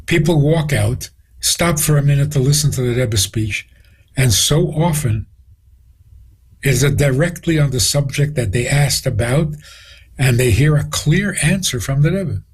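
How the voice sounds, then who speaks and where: A man's voice: mid-range voice, lively intonation, unhurried, breathy edge, low-quality recording. A rabbi, a man, tells stories with quoted dialogue as a guest on a radio interview. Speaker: rabbi answering questions as a guest.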